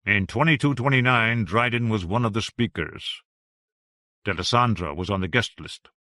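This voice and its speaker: Brief: no-nonsense researcher reporting facts, voiced by a male narrator, low and bright. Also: no echo, clean studio sound. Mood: businesslike. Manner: brisk, factual reporting. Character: brisk researcher reporting findings.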